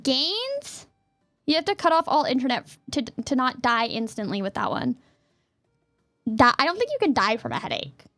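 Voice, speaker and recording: A woman streamer chatting casually and reading questions aloud, giggly and playful, sometimes bursting into a yell. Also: sits high, huge pitch swings, moderate pace, no room sound, clean studio sound.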